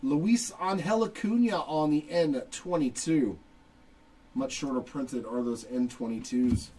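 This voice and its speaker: With a warm tone and a slightly high voice, a middle-aged man hosts a live card break at a measured pace, joking casually and reading out every card he pulls. The mic is distant and he sounds somewhat off it, giving a rough recording with faint noise underneath.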